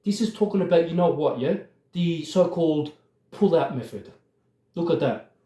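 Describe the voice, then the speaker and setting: A man's voice: fairly high pitch, lively intonation, normal speed, warm tone, roomy sound. A man giving impassioned religious commentary, emphatic and worked up, often turning to address his listeners directly.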